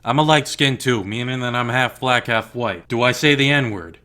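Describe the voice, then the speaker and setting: A young man delivers a heated rant straight to his audience. He is blunt and profane, with a mid-pitched voice that keeps pressing forward. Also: normal speed, pushed and bright. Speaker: YouTuber. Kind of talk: angry rant to camera.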